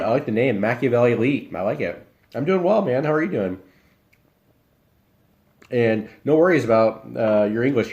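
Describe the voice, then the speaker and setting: A young man from Iowa, chatting casually with his live stream viewers and answering their comments while he eats. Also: mid-range voice. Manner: relaxed, rambling, talks while eating.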